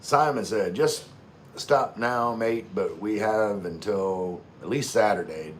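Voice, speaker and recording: This livestream host speaks slowly in a fairly low voice, with slight background noise behind him. He reads out viewers' comments and replies in a relaxed, easygoing manner, frequently restarting and repeating himself.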